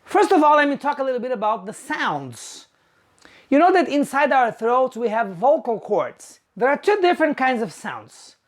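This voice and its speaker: A woman teaching English pronunciation, saying each example sound slowly and deliberately. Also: high voice, big pitch swings. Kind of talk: slow pronunciation lesson.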